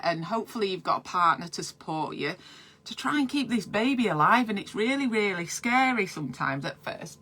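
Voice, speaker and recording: A woman's voice: mid-range voice, pushed and bright. A woman midwife, giving chatty, encouraging advice in a casual live stream and talking straight to her viewers.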